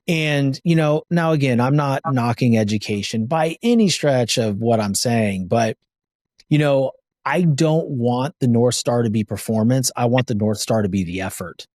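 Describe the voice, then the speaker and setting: A middle-aged man hosting a podcast, enthusiastic and a bit rambling as he talks. His voice sits at an ordinary pitch for a man. The sound is dry and close to the mic. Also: lively intonation, moderate pace, darkish tone, dry recording. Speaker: podcast host. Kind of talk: casual interview conversation.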